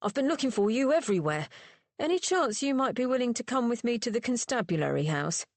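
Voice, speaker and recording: An eager young gentleman from an audiobook , voiced by a woman narrator, rushing his words with excitement. The sound is close and dry. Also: on the high side, dry recording, voice pushed up. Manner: excited and breathless.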